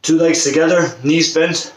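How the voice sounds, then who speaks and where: A man's voice: a little high, fairly even intonation, moderate pace. A man coaching a football fitness workout, encouraging and demonstrating the exercises as he talks, out of breath at times. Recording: roomy, distant camera mic, faint noise.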